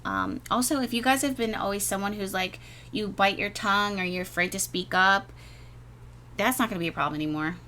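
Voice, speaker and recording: A woman's voice: medium pitch, brisk, sharp tone, slight background noise. Gushing woman giving a tarot reading. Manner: rambling, gushing, repeats words, many fillers. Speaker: tarot reader. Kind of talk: casual spoken tarot reading.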